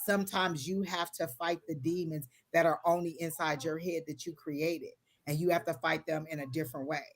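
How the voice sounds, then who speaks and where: A woman's voice: deep voice, steady tone, normal speed. A woman giving psychic readings to viewers on a live stream, talking in an earnest, repetitive, motivational way with casual phrasing. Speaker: tarot and psychic reader.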